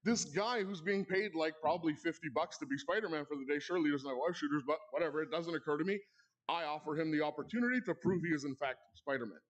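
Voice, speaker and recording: This awards-show host, a man with a slightly high voice, talks fast as he spins a comic tale with playful asides for the live audience in a club hall. The audio sounds dull.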